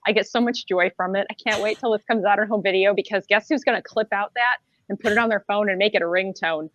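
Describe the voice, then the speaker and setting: A woman on a casual panel podcast, expressive, talking at length with asides. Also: mid-range voice, fast, muffled recording, noisy background. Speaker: podcast host.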